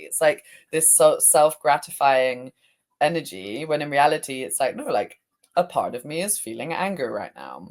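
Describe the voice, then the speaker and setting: A woman's voice: low voice, sing-song, moderate pace, darkish tone. A woman emotional release coach, talking as an interview guest in a reflective way, often searching for words with fillers. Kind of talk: conversational interview.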